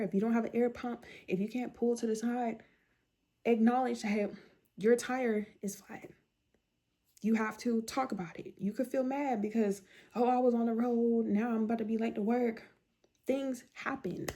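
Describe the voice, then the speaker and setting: A middle-aged woman who creates mental health content talks to the camera, giving her viewers emphatic, repetitive, direct self-help advice. Her voice is fairly high in pitch with a dark tone.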